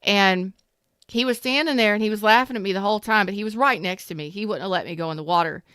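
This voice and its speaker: A woman's voice: medium pitch, fast, a bit bright, smooth, dry recording, studio quality. Emphatic, repetitive woman tarot reader. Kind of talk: casual spoken tarot reading.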